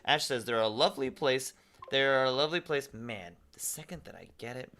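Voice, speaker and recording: A man's voice: medium pitch, moderate pace, pushed and bright. A young man streaming a game, reading viewer messages aloud and chatting back casually. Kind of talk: casual live-stream chat.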